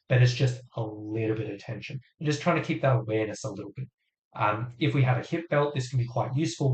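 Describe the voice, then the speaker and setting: Hosting a live fitness Q&A, a man with a mid-range, darkish voice that's going hoarse explains things step by step. He's casual and uses lots of fillers, and the recording has a roomy echo.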